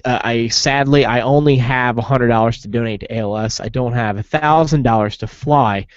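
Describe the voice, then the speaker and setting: A man's voice: medium pitch, normal speed, clear, resonant tone, no echo, lo-fi sound. A man from New Jersey hosting a casual podcast, telling rambling jokey stories with many fillers. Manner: rambling storyteller, joking, lots of fillers. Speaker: podcast host. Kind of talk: casual chat.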